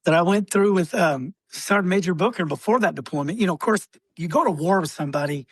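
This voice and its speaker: A man, a military veteran, telling stories as a podcast guest with many fillers, often clearing his throat. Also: high-pitched, quick pace, dry recording. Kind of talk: casual storytelling interview.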